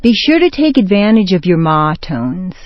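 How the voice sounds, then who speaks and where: A woman narrating an accent and grammar lesson in a slow, deliberate scripted delivery, stressing words in example sentences. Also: on the low side, very animated, no echo. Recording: dull, dry studio voice-over.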